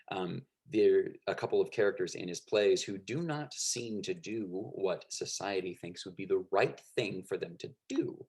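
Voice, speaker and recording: Gravelly man giving a casual lecture. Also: deep voice. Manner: conversational, frequent fillers and "right?" checks. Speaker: teacher.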